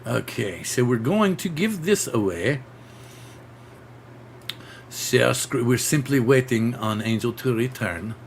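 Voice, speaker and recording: A man hosting a casual live-streamed drone show, excitable and rambling, full of restarts and acted-out sound effects. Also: mid-range voice, slow pace, vocal fry, long pauses, slight background noise.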